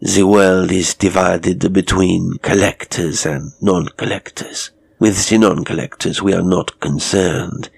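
Male reader doing a courteous, sinister murderer in an audio story, faint foreign accent, deep gravelly voice. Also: steady tone, takes it slowly, few pauses, heavily acted. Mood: urbane, mocking. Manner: polite, formal and quietly mocking. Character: suave, menacing male murderer posing as a waxwork.

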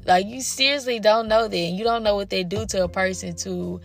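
A woman's voice: mid-range voice, fairly quick, gravelly, soft background music. A young woman, a parent, telling frank, profane stories straight to her viewers, acting out the voices of her family as she goes. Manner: frank and profane, acts out quoted family members. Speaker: parent sharing personal stories. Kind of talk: candid personal storytelling to viewers.

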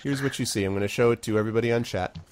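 Narrating a tabletop game on stream, this male game master rambles through scenes with lots of fillers and restarts. His pitch is fairly low and he speaks very fast, over slight background noise.

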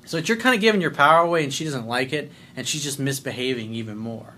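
A man's voice: mid-range voice, fast talker, pushed and bright. A man coaching listeners on dating in a blunt, emphatic, profane way. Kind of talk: advice monologue reading listener letters.

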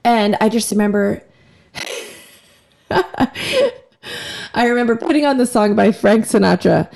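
A woman in her forties talks openly on her own podcast, with a heavily gravelly, fry-laden voice that is hoarse and cracking from recent laryngitis. Her tone is dark and mellow, and she speaks with raw emotion and casual swearing. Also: on the high side, sing-song, takes it slowly. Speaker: podcast host. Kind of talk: candid personal monologue.

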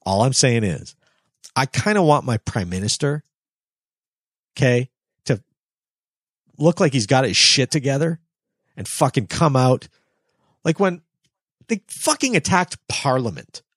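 A man's voice: mid-range voice, very animated, unhurried, long pauses, husky, dry recording, studio quality. A man co-hosting a podcast, ranting casually with lots of swearing and mocking impressions. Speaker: podcast co-host.

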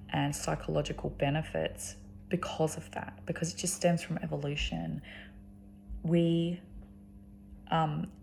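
A woman's voice: low voice, vocal fry, darkish tone. An Australian woman talking casually and rambling, with lots of ums and restarts. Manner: frequent ums and restarts, chatty. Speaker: vlogger.

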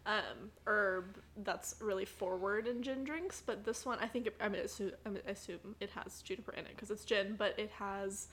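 A woman's voice: medium pitch, normal speed, hardly any pauses, a bit bright, slight background noise. A young woman co-hosting a podcast in casual chat, bubbly and laughing often, with lots of fillers. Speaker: podcast co-host.

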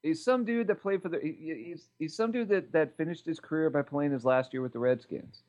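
A man's voice: on the high side, fairly quick, a little mellow. A man co-hosting a casual sports podcast, laughing often. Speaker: podcast co-host.

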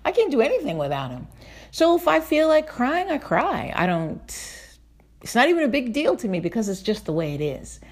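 A middle-aged woman preaching a heartfelt devotional sermon, emphatic and emotional, slowing down on key phrases. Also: a little high, wildly swooping pitch.

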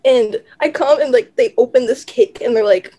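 A woman's voice: fairly high pitch, moderate pace, warm tone. A young woman in her twenties telling a story in an easygoing, self-deprecating way. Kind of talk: casual chat.

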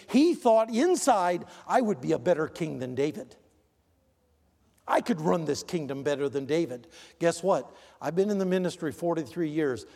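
Older man, pastor, emphatic sermon delivery, high voice, long church reverb. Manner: emphatic preaching, swings between loud stressed words and low quiet asides. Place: church sanctuary.

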